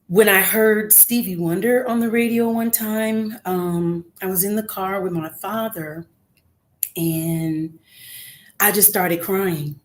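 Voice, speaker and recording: A woman's voice: medium pitch, steady tone, slow. A middle-aged woman, a guest singer, talking casually in an interview over a remote call, earnest and encouraging with frequent filler words.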